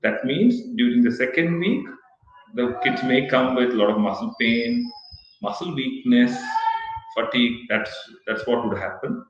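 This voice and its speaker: A male pediatrician, explaining vaccines to parents in a halting, explanatory way during an online workshop. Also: mid-range voice, expressive, a little hiss or hum. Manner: explanatory, halting with self-corrections. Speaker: pediatrician answering parents' questions. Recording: echoey, dull lo-fi call audio.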